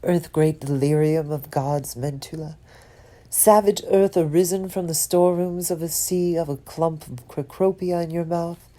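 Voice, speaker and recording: A woman reads poetry slowly and dramatically in a low, mellow voice. She lingers on words and sometimes sinks into a whisper. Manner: expressive, drops some words to a whisper; lingers on and repeats single words. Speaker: poetry reader. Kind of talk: slow dramatic poetry reading.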